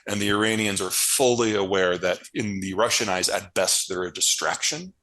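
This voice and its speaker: A man's voice: on the low side, moderate pace, a bit bright, poor audio. A man answering interview questions in a blunt, casual way, hammering points home by repeating phrases. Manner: blunt, emphatic, stacks repeated phrases for stress. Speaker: guest analyst.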